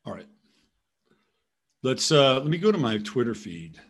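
A man's voice: mid-range voice, sing-song, measured pace. A man hosting a casual commentary show, rambling from topic to topic and now and then talking to his dog. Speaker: host.

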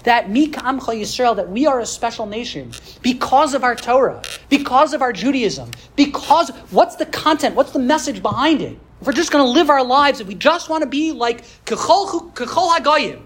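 A woman's voice: sits high, animated, moderate pace, few pauses, slight background noise. A woman teaching a Jewish history class for a podcast. She speaks earnestly, builds her points with rhetorical questions, and mixes in Hebrew religious terms.

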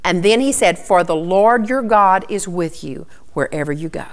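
A woman's voice: fairly low pitch, lively intonation, moderate pace. A middle-aged woman preaching a sermon, earnestly teaching and quoting scripture to her listeners. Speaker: Bible teacher.

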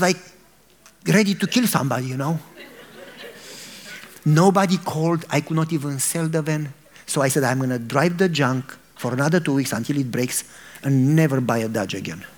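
A middle-aged man from Romania, a pastor, telling a humorous personal story in a sermon, animated and laughing as he acts out his frustration. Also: fairly high pitch.

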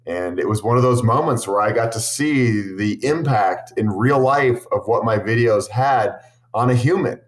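Earnest man telling travel stories. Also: on the low side. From Boulder, Colorado. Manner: earnest, enthusiastic, rambling with restarts. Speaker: cycling content creator. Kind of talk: storytelling interview answers.

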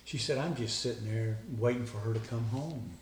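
A male guest with a medium-pitched voice, speaking at a moderate pace, earnestly retells a conversation line by line as a personal story. The mic is distant, in an echoey room with faint ambience and slight background noise.

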